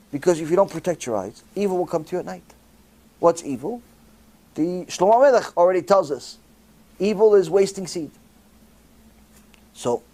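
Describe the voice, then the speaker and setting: A middle-aged man preaches in a sermon, his voice sitting fairly high. He swings his pitch widely and acts out the voices of people he quotes. His delivery is animated and expressive. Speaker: rabbi.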